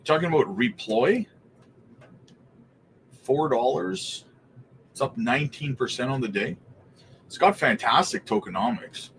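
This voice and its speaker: A man hosting a crypto livestream chats loosely, greeting viewers by name and laughing between remarks in a relaxed way. His medium-pitched voice is a little slow with frequent pauses, over slight background noise.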